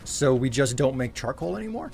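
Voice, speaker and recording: A man's voice: mid-range voice, a little fast, vocal fry, faint music behind. A man hosting a livestream, chatting casually while playing and often restarting his sentences. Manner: animated, stumbles into restarts. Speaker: streamer host. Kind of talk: casual chat while gaming.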